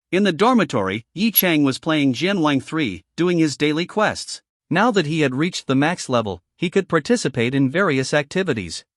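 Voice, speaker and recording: A man narrating a comic romance recap in an expressive scripted reading. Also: a little high, no echo, studio quality.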